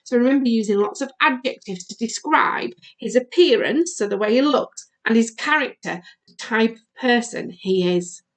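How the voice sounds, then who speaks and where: Lady teacher talking to little kids in a video lesson, kinda high voice, singsongy. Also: animated. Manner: sing-song, asks children questions and pauses. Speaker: primary school teacher. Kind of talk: recorded remote lesson for young children.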